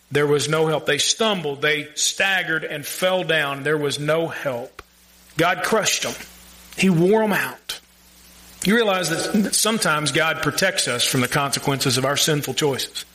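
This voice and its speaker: A man preaching a sermon, earnest and conversational, with emphatic pauses and direct questions to the congregation. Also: sits high, bright, forceful tone, poor audio. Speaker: pastor.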